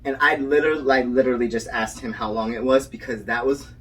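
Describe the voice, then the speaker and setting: Animated, swearing young man telling a story. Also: mid-range voice, quick pace, recorded from a distance, poor audio. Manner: animated storyteller, swears freely, laughs often. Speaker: podcast co-host. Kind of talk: casual chat.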